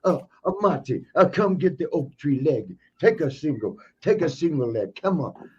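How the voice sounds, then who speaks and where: Guy doing a cocky wrestler egging u on, raised voice, kinda husky, lo-fi. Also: on the high side, lively intonation, moderate pace, darkish tone, distant mic. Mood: taunting. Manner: taunting, coaxing. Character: gruff male Olympic wrestler, teasing and boastful.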